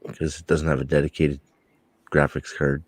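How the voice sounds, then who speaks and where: A man's voice: very deep voice, flat delivery, moderate pace, husky, no room sound. A man talking bluntly and matter-of-factly in a casual stream chat.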